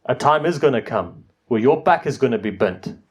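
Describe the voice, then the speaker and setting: A man's voice: mid-range voice, expressive, moderate pace. A man giving a sermon, telling stories and pressing his points with rising emphasis. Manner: storytelling, rising to emphatic exhortation. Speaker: Muslim preacher.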